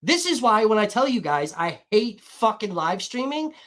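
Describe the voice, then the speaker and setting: A woman live streaming, swearing constantly in an irritated, combative rant. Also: mid-range voice. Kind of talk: livestream rant.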